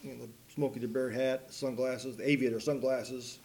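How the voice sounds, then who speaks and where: A man preaching a sermon, mixing folksy rambling stories with slow, emphatic preaching. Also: medium pitch, flat delivery, a little mellow, slight background noise. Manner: folksy, rambling storytelling with asides and laughs. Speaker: pastor.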